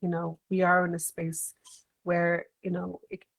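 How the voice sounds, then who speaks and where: A woman chairing a school council meeting, measured and calming. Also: on the low side, creaky, low-quality recording. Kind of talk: moderating a meeting.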